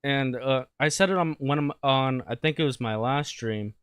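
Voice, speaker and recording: A man's voice: mid-range voice, normal speed, fairly bright tone, clear, resonant tone, dry recording, studio quality. A man chatting as a co-host, telling a story in a plain, conversational way. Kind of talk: casual chat.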